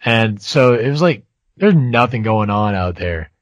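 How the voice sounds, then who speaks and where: A man's voice: fairly low pitch, expressive, a little slow, dry recording, dull audio. A young man co-hosting a casual podcast, telling a story hesitantly, with many ums and restarts and a self-mocking tone. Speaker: podcast co-host.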